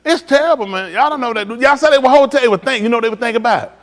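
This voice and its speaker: A man's voice: extremely high pitch, very fast. An older man hosting a live stream, telling joking stories in casual chat and mimicking other people's voices.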